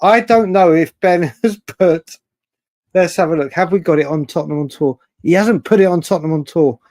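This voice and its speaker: A man hosting a late-night fan livestream, chatting excitably and reading out viewer comments. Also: fairly high pitch, normal speed, no room sound. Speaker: livestream host.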